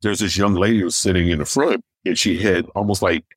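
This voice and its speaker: A stand-up comedian from Michigan telling personal stories in an interview and acting out what other people said. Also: male voice, deep voice, fairly quick, no room sound. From Michigan, USA. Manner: animated anecdotes, acting out others' lines; deaf in one ear. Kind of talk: storytelling in a podcast interview.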